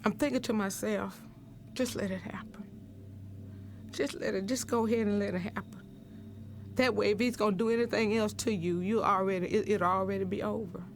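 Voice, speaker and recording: An older woman recounting her experience in documentary testimony, halting and repeating words as she goes. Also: medium pitch, steady tone, a little hiss or hum. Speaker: crime survivor interviewee.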